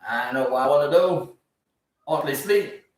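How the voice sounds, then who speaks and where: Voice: mid-range voice, moderate pace, pitched below the performer's own voice, natural voice. A speaker putting on the voice of a scheming neighbor who slyly plots after spotting a horse. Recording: very echoey, from far off the mic.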